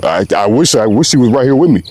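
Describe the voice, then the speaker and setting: A man's voice: mid-range voice, animated, quick pace, a little mellow, no room sound. A young man hosting his own show, talking passionately in a loose, rambling way with lots of slang, outdoors. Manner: passionate, rambling, slangy, often says "bro". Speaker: podcast host. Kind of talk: unscripted heartfelt monologue.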